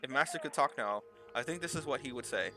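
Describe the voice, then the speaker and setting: A man voicing a calm, analytical AI program, speaking in a measured, polite way. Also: medium pitch, over music, natural voice.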